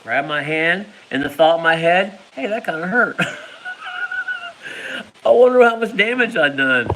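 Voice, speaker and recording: A man spins a casual personal story, his voice sitting a little high and swinging widely up and down. He laughs often and acts out sounds, and a faint hiss runs under the recording. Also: huge pitch swings, slow, pushed and bright, poor audio. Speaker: vlogger.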